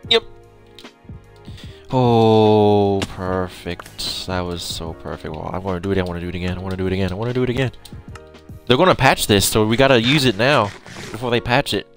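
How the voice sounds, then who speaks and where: A man playing an online game with a friend, excitable, taunting opponents and laughing. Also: on the low side, fairly quick, soft background music. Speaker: gamer streamer. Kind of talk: casual gaming chat.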